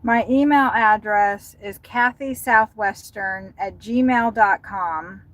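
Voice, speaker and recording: A woman's voice: medium pitch, takes it slowly, a bit bright, no room sound. A woman delivery driver calling support from her car, frustrated and insistent, apologizing as she pleads her case. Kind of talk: livestreamed phone call to support.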